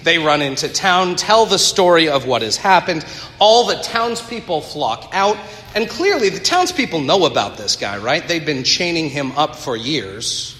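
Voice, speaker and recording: A man's voice: a little high, sing-song, normal speed, sharp tone. A man preaching a sermon, retelling a story earnestly with conversational asides to the congregation. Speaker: pastor. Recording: echoey hall with long reverb.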